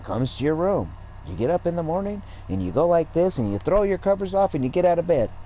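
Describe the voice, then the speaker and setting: A man rambles through a casual gaming livestream, lecturing and swearing freely as he goes. His speaking voice sits high for a man. The delivery is loose and conversational. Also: big pitch swings, fast talker, dark tone, slight background noise, low-quality recording. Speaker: gaming streamer.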